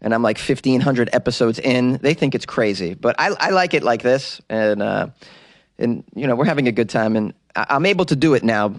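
A man's voice: mid-range voice, lively intonation, fairly quick, no echo, clean studio sound. A man, a comedian, hosting his podcast in a chatty, upbeat, rambling monologue.

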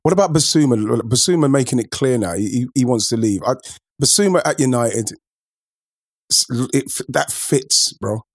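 A man's voice: mid-range voice, lively intonation, normal speed, husky, no echo. Man, podcast host, loose football chat, dry close sound. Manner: loose, repeats words, says "bro".

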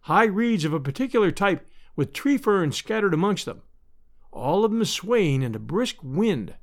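A man narrating an adventure audiobook in a measured, expressive storytelling manner. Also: sits high. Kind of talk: scripted narration.

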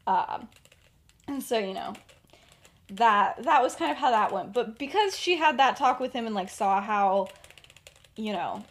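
A woman's voice: fairly high pitch, lively intonation, unhurried, long pauses. Rambling woman podcast host. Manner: rambling, many fillers, laughs often. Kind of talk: casual retelling of a fan story.

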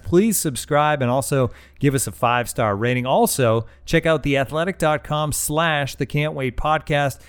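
A man's voice: mid-range voice, clear, resonant tone, dry recording. Easygoing male podcast host. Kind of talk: casual podcast chat and sign-off.

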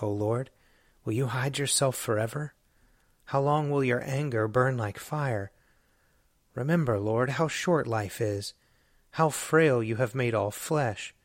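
A man reading psalms aloud in a measured, solemn liturgical recitation. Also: mid-range voice, no room sound, clean studio sound. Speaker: scripture reader.

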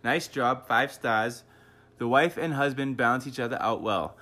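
Boston-accented man co-host, laid-back and swearing, mid-pitched and casual. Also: moderate pace, bright, forceful tone. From New England. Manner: profane, laid-back joking. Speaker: podcast co-host. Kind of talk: casual chat.

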